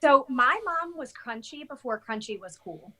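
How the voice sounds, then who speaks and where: A woman in her forties, raised in Houston, chatting in a casual podcast interview and telling stories in an animated way. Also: high-pitched, moderate pace. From Houston, Texas. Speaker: podcast guest.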